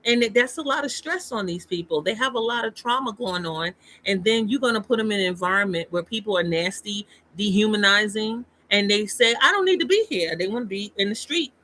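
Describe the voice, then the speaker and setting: A man's voice: high voice, brisk, hardly any pauses, sharp tone, low-quality recording. A man talking casually on a livestream, emphatic and rambling, with frequent restarts. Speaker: streamer.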